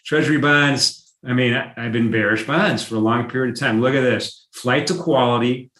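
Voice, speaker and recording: In a roomy, echoey space, a man with a medium-pitched voice hosts a live trading stream, chatting loosely through price charts at a moderate pace. He often restarts sentences and uses fillers, and he gets excited when a chart surprises him.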